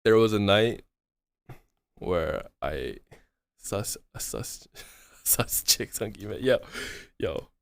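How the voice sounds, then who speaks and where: A man's voice: fairly low pitch, animated, very slow, creaky, pauses often, clear, resonant tone, no room sound. A man in his thirties streaming, telling a rambling story with lots of swearing and "right?" fillers. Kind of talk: casual storytelling chat.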